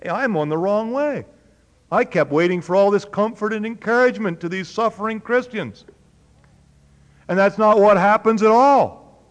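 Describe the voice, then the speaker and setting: A man's voice: sits high, moderate pace, long reverb tail. A man teaching a Bible study in a conversational way, asking his listeners questions. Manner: conversational, asks the audience questions. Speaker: preacher.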